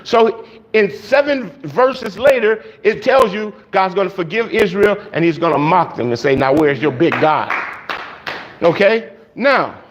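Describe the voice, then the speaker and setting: A man preaching a sermon in a church, his voice sitting notably high for a man. He talks emphatically and gets excitable, jumping higher in pitch when he drives a point home. He speaks into a handheld microphone. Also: unhurried, muffled recording, a little hiss or hum.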